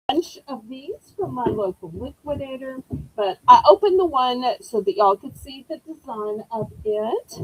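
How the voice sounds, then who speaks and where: A woman's voice: on the high side, rough recording. A woman with a Southern accent hosting a live-stream auction, chatting in a folksy way and greeting viewers by name.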